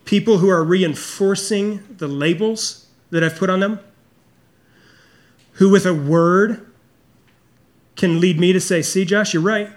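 High-voiced earnest male pastor preaching. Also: slow, long pauses. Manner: earnest, confessional, drops low and soft for emphasis. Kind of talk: sermon.

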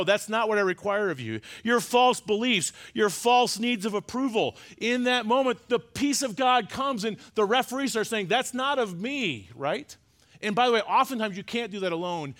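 A middle-aged male pastor, choked up, preaches an emphatic sermon in a high-pitched voice. He swings between loud, urgent stresses and quiet, confiding asides.

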